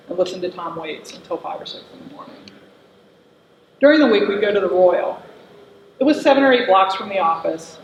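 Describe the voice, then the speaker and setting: A man's voice: high-pitched, a little hiss or hum. A middle-aged man performing an autobiographical monologue in a wistful, reflective storytelling manner. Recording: echoey, slightly dull room recording.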